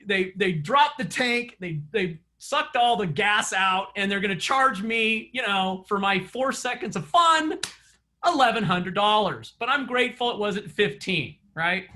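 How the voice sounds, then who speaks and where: Man, coach, high voice, bright tone, casual storytelling, laughs often. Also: lively intonation, measured pace. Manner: chatty, laughs often, tells stories. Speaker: real estate sales coach. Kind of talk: casual coaching session to a group.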